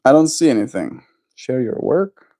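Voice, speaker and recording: A man's voice: mid-range voice, big pitch swings, moderate pace, warm tone. A man livestreaming, musing in loose casual chat and answering his viewers' messages.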